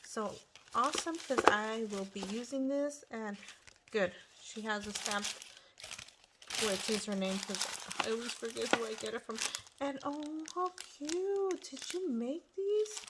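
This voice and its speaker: A woman with a slightly high voice chats casually as she unboxes craft supplies, gushing over every piece. Loud crinkling and tearing of paper sits right on top of her voice in the recording. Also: a little slow, very noisy. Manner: gushing, exclaims over each item. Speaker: crafting channel host.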